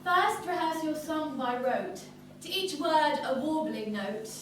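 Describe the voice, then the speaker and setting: A woman playing a graceful fairy queen, chanting slow lilting verse on a live stage. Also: high voice, lively intonation, noisy background. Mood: gentle. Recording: echoey hall, far off, loud music.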